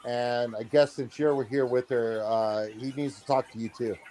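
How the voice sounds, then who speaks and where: A man's voice: medium pitch, a little slow, slight background noise. A man in his thirties telling a story in a casual vlog, acting out the people in it, with many fillers. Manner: animated, acts out quotes, many fillers. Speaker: aquarium hobby vlogger.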